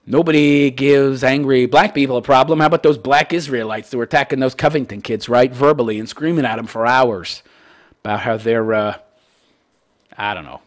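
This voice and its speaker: A man's voice: medium pitch, normal speed. A man hosting a commentary show, ranting sarcastically and profanely about a listener's letter. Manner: profane and sarcastic, repeats "wait, wait". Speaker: host of a call-in commentary show.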